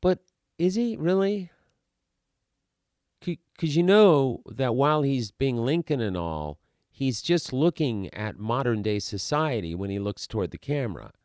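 A man's voice: medium pitch, lively intonation, measured pace, a little mellow, no echo, clean studio sound. A man who works as an actor, talking in a casual, rambling monologue full of restarts and asides.

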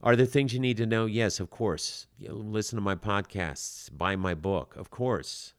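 Older guy giving acting advice on his podcast, low voice, punchy and animated, lots of ums, dry close sound. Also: moderate pace, no echo. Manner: animated, emphatic, frequent filler words. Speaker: acting coach podcast host.

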